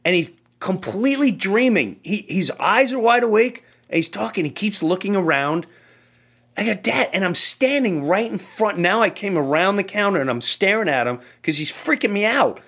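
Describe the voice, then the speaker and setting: A man hosting a podcast, telling a story in a casual, animated way and acting out the voices in it. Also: sits high, normal speed. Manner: animated, acts out quoted voices. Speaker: podcast host.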